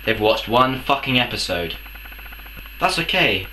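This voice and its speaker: A man's voice: medium pitch, sing-song, a little slow, sharp tone, slight background noise. A young man ranting angrily to camera in a comedic vlog, swearing and firing off rhetorical questions. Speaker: vlogger. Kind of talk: angry comedic rant to camera.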